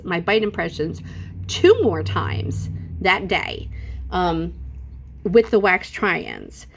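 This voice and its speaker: A woman's voice: mid-range voice, fairly bright tone. A middle-aged woman talking casually and sassily to her viewers in an unscripted home vlog, acting out what people said with exaggerated voices. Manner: chatty and sassy, acts out quotes with exaggerated voices. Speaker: vlogger.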